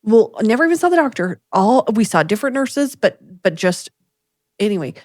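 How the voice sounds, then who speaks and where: A woman in her forties co-hosts a podcast, speaking fairly quickly in clean studio sound with no echo. She tells a story in casual conversation as an animated storyteller, acting out the quotes with big jumps in pitch.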